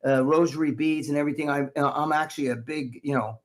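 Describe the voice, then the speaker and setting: High-ish jersey guy cohosting a stream, cussing and rambling through his stories. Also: steady tone, fast, slight background noise. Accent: New Jersey. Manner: profane, rambling storyteller who acts out other people's voices. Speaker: co-host of a live stream talk show. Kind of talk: casual live-stream chat.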